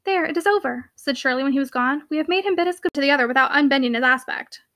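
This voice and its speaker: A woman reading the part of a bold young heiress in an audiobook, lively and teasing with a commanding edge. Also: high-pitched, quick pace. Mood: playful.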